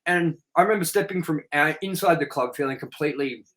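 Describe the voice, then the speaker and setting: A man's voice: fairly high pitch, fast talker, rough recording. A man hosting a casual podcast, telling stories frankly, swearing freely and acting out what people said. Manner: candid, profane storytelling; animated, acts out quoted voices. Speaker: podcast host.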